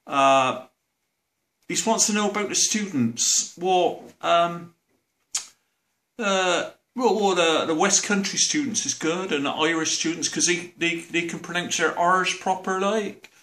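A man with a Bristol accent giving a rambling, deadpan comic monologue as a mock professor, using broad dialect grammar. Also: high voice, measured pace.

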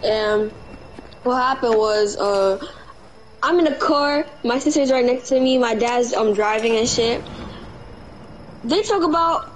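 A woman streamer chatting while gaming, telling an animated childhood story full of slang and swearing. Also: on the high side, unhurried, long pauses, slight background noise, low-quality recording. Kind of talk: casual chat while gaming.

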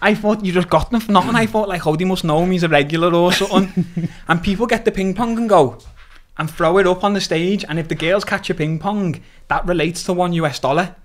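Scouse lad spinning stories on a podcast, swears loads, laughs a lot. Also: male voice, sits high, fairly quick, few pauses. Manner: animated, swears freely, laughs through his stories. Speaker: podcast guest. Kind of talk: casual storytelling.

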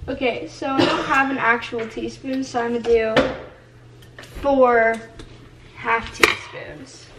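A young woman with a high voice chats and jokes while making breakfast in a home kitchen. Pots, pans and dishes clatter loudly all around her. She talks in a playful, easygoing way and slips into singsong bits. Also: fairly even intonation, takes it slowly, heavy background noise. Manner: playful, chatty, sing-song asides. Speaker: vlogger. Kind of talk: casual cooking vlog chat.

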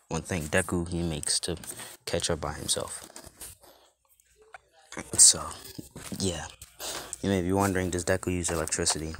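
Man, deep voice, casual storyteller, loose and rambling, lots of fillers. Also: a bit bright, a little hiss or hum. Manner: rambling, many fillers and restarts. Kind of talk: casual fan-story retelling.

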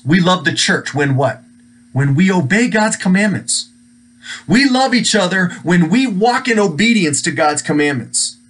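A man's voice: high voice, a bit bright. A male pastor giving a devotional sermon, emphatic and pleading as he cites scripture heavily.

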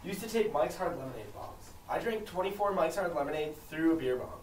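A young man chatting while drinking, giggly and animated as he tells stories. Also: a little high, brisk. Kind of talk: casual drinking chat. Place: outdoors near bikes. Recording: distant camera, echoey, loud background noise.

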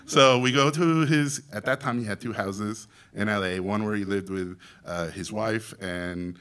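A Mexican man, an animation director from Mexico, telling a story to an audience in an animated, theatrical way, with loud acted quotes. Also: on the low side, a little slow, hardly any pauses. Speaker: animation director and festival guest speaker.

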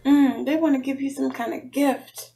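A woman giving a tarot love reading in an animated, teasing way, often calling the listener baby. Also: sits high, moderate pace, gravelly, a little hiss or hum. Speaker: tarot reader.

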